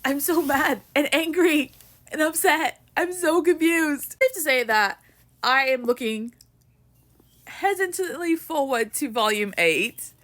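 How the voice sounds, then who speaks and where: A woman's voice: high-pitched, lively intonation, a little slow, fairly bright tone. Emotional, swearing young woman. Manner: emotional, swearing, rambling with lots of "like". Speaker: book vlogger. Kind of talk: casual book discussion vlog.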